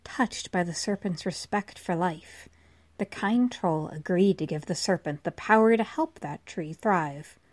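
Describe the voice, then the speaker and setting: A woman narrating a fairy tale in a soft voice that at times drops to a whisper. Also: fairly low pitch, measured pace. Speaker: storyteller.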